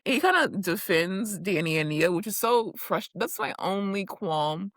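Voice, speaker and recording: A woman's voice: mid-range voice, animated, normal speed, a bit bright, dry recording, studio quality. A woman co-hosting a podcast, recapping a reality show in blunt, profane, casual chat. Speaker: podcast co-host. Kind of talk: casual pop-culture chat.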